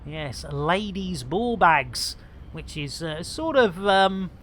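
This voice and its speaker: A man's voice: high-pitched, big pitch swings, slow, fairly bright tone, a little hiss or hum. A British man giving casual live-stream commentary over a game, full of puns and rambling jokes. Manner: jokey, punning, rambling banter.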